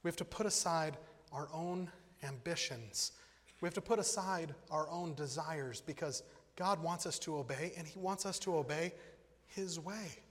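A man preaching a sermon in an animated way, acting out the voices in his stories. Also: on the high side, moderate pace. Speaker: pastor. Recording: long hall reverb.

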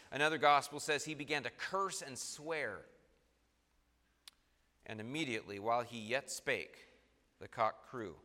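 Emphatic preacher in a reverberant hall. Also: male voice, medium pitch, measured pace, pauses often, sharp tone. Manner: emphatic, rising and falling for stress; reads verses in old formal wording. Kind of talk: sermon reading scripture aloud.

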